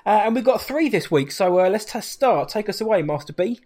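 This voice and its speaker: A man's voice: sits high, lively intonation, fairly quick, darkish tone. A man hosting a podcast in an upbeat, chatty way, calling the listener "mate". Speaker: podcast host. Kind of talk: casual podcast chat.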